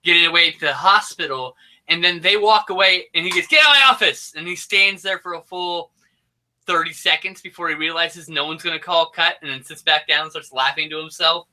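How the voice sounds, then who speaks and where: A man's voice: on the high side, normal speed, pushed and bright. A man co-hosting a casual podcast, animatedly and with exasperation retelling a movie's scenes and mimicking its lines. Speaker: podcast co-host. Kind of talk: casual movie commentary chat.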